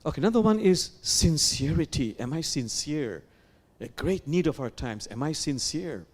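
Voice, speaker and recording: A man leading a sermon as imam, speaking in an animated way with repeated phrases and questions to the listeners. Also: a little high, normal speed. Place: sanctuary.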